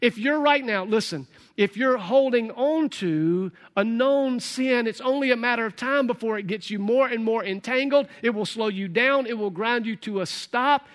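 A man's voice: very high-pitched, moderate pace, few pauses. A man preaching a sermon as pastor, conversational, with folksy asides to the congregation.

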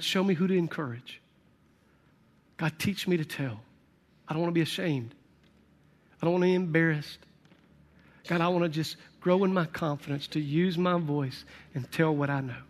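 An earnest male pastor leads a sermon and prayer, his voice sitting a little high. He leans on repeated phrases with emphatic conviction. A long reverb trails his words through a large church hall. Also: moderate pace, pauses often. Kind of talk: sermon with altar call and prayer.

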